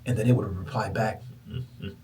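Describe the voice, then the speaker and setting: A man hosting a podcast, telling a personal spiritual story in a lively, preacher-like way. He moves between loud exclamations and hushed, whispered passages. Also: medium pitch, brisk, far from the mic, slight background noise, rough recording. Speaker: podcast host. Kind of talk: motivational storytelling.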